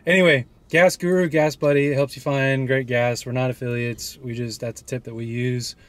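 A man's voice: medium pitch, little pitch movement, normal speed. A young man hosting a casual travel vlog, joking and playfully teasing as he chats. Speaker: vlog host.

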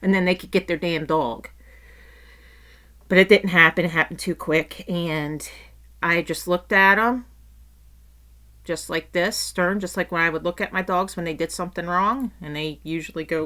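A woman's voice: fairly low pitch, unhurried, pauses often. A middle-aged woman telling a story in a casual rant, swearing freely and acting out what people said. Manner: animated, swears casually, acts out quotes. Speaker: vlogger.

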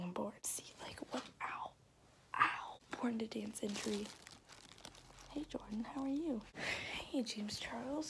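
A woman's voice: on the high side, normal speed. Sniffly teen girl whispering, noisy phone. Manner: rambling, jokey, self-mocking. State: sick and sniffly. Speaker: vlogger. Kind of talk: casual vlog, whispered role-play.

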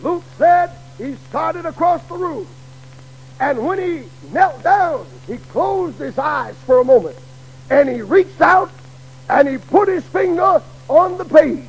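Gravelly high-voiced preacher, slow and dramatic. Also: male voice, lively intonation, a little hiss or hum, low-quality recording. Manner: dramatic, rising to shouts. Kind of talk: sermon. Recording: old radio broadcast.

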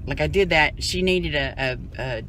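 Chatty woman, lower voice. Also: a little slow, background noise. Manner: chatty and rambling, speaks to viewers as "y'all". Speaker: vlogger. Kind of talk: casual home vlog. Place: at home indoors.

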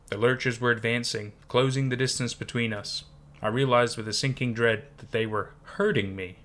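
Bright-voiced man narrating horror. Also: mid-range voice, vocal fry. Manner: dramatic, suspenseful reading.

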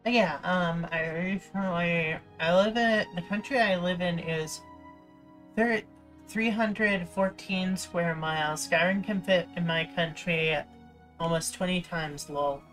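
A woman's voice: fairly low pitch, slow, a bit bright. A woman streamer giving casual, rambling gameplay commentary, playful and often cutting herself off mid-thought. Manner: rambling, playful, self-interrupting. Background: faint game music.

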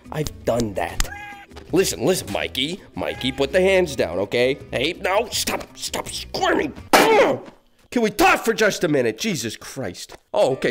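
A man improvising a comedic dad role-play while playing a VR game, swinging between coaxing and panicked outbursts. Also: mid-range voice. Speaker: VR game streamer.

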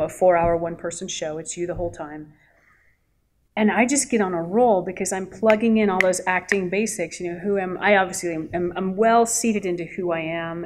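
Animated woman telling stories at a panel. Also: lowish voice. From Canada. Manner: animated storyteller, laughs often. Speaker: voice actress panel guest. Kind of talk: convention panel talk. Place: expo panel, indoors.

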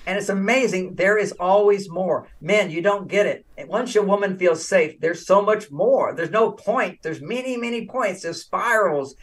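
Older guy on an interview, highish voice, animated storyteller, mic a little far away. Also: normal speed, hardly any pauses. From United States. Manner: animated, acts out quoted dialogue, laughs often. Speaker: relationship author, interview guest. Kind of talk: casual interview talk with storytelling.

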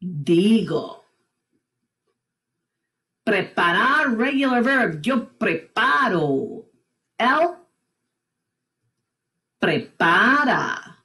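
A woman teaching a recorded Spanish lesson from home, slowly and deliberately drilling conjugations one by one. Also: medium pitch, sing-song, sharp tone. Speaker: high school Spanish teacher. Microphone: computer mic while screen recording.

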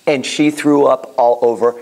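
A man teaching a Bible class in a casual, animated way, telling stories and often restarting his sentences. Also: medium pitch, normal speed, gravelly. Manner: animated, storytelling, repeats himself, many restarts.

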